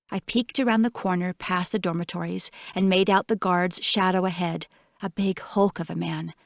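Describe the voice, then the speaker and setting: A woman narrating an audiobook in first person, with measured, tense storytelling. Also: fairly low pitch, creaky, dry recording, clean studio sound.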